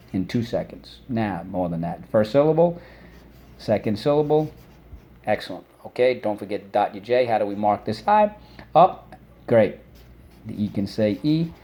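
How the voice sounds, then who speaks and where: A man teaching a phonics lesson for children, patient and encouraging, saying words aloud and pausing for the class to repeat them. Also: lowish voice, mellow. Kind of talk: phonics lesson with call-and-response drills.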